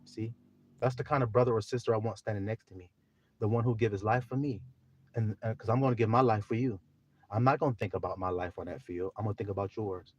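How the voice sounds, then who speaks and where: A man preaching on a livestream, swinging from soft talk to shouting and drawing out scripture slowly. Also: fairly low pitch, fairly even intonation, breathy edge, lo-fi sound. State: teary. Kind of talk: livestream sermon.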